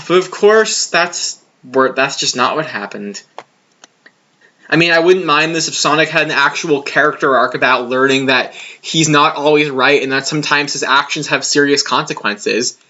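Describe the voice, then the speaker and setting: A young man giving casual, exasperated commentary on a comic series, sarcastic and quick to laugh. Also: a little high, bright, forceful tone. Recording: dull lo-fi recording.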